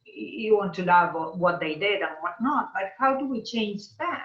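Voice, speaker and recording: Bright-voiced woman musing over an echoey call. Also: medium pitch, animated, highs cut off. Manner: reflective, musing, with hesitant pauses. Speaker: interview guest. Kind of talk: video call conversation. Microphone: video call.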